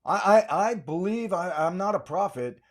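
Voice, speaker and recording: A man's voice: high voice, lively intonation, normal speed. An older man hosting a podcast, delivering an emphatic political monologue full of repeated rhetorical questions. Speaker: podcast host.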